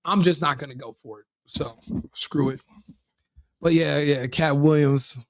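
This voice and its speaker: Rambling solo podcast host, fairly high voice. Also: male voice, fairly even intonation, moderate pace, no room sound, clean studio sound. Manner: rambling, frequent restarts and self-corrections. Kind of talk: casual solo commentary.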